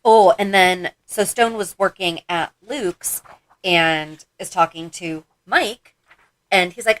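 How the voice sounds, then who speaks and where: A woman co-hosting a fan podcast in casual chat, animated and laughing often as she recaps scenes. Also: on the high side, moderate pace. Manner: animated, laughs often, acts out quotes from episodes. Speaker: podcast co-host.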